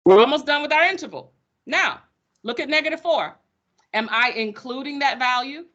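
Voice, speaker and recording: A woman's voice: high voice, animated, moderate pace, fairly bright tone, dull audio. A woman teaching a math class, sassy and playful with her students. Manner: sassy, playful, calls students sugar baby.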